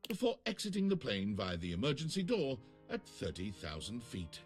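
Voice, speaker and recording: A man narrating a video game in a dry, deadpan scripted delivery. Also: medium pitch, moderate pace, faint music behind.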